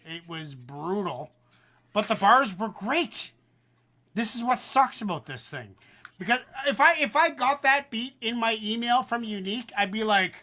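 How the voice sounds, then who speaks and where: A man hosting a livestream, judging a rap battle in loose, animated talk with some swearing. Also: high voice. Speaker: host. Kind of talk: casual livestream commentary.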